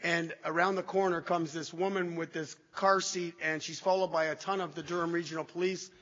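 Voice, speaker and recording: A man giving an emotional recovery testimony to an audience, halting and restarting as he speaks. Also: fairly high pitch, flat delivery, a bit bright. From Canada. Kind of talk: personal testimony talk to an audience. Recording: dull echoey hall recording.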